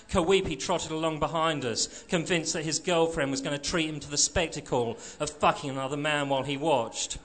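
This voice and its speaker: A man's voice: a little high, fairly bright tone. A man reading a short story aloud in a dry, sardonic first-person narration. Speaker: reader.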